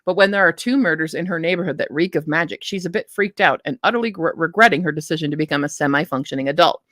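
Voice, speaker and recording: This woman talks fast in a low, slightly bright voice, recorded cleanly in studio quality without echo. She's running a casual live book stream, musing over blurbs and cutting herself off to start sentences again.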